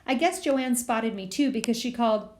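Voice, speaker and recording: A woman reading a children's novel aloud as an audiobook, with steady storytelling. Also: fairly high pitch, moderate pace. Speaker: reader.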